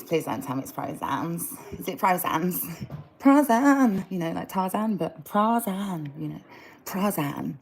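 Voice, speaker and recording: A woman's voice: low-pitched, slightly rough, low-quality recording. A woman in a chaotic, sweary, rambling comic monologue, jumping between voices.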